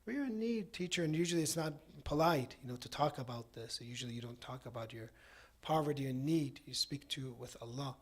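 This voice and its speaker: A man preaching at a mosque on a Ramadan night. He tells a story in a relaxed, conversational way, with many "you know" asides, and closes with a prayer. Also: mid-range voice, a little fast. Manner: ends with a supplication. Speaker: cleric giving a Ramadan night talk. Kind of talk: sermon with storytelling.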